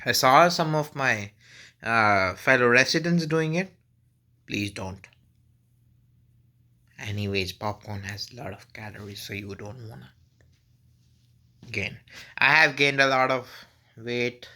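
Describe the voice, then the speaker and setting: Rambling bright-voiced man vlogging. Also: medium pitch, takes it slowly, pauses often. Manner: rambling, many restarts and fillers, easygoing. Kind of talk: casual unscripted talk to camera. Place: at home.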